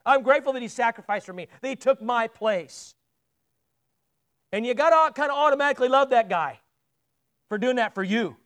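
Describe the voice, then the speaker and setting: This church sermon comes from a man with a strikingly high, slightly bright voice, speaking casually, animatedly and a little fast, with frequent pauses. He asks the congregation questions and stumbles into repeated words whenever he hammers a point.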